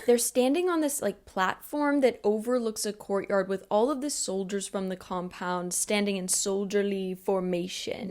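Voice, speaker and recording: A young woman hosting a book channel, recapping a novel in a casual, playful way with sarcastic asides. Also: mid-range voice.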